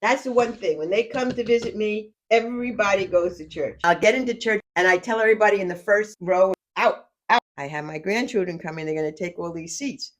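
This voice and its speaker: Speaking briskly at medium pitch with hardly any pauses, a grandmother who's a podcast guest chats casually from home. Lively and boastful, she tells funny stories punctuated by frequent laughter.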